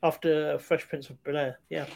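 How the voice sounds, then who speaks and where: A man's voice: on the high side, level tone, moderate pace, vocal fry, a little mellow. Hesitant man chatting casually. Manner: rambling, hesitant, many fillers and restarts. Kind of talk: casual chat about films.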